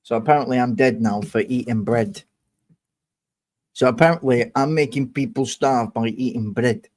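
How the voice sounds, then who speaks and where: A young man hosting a livestream angrily rants and swears as he confronts a commenter. His voice is medium-pitched and a little mellow, delivered at a moderate pace, and his manner is profane and confrontational.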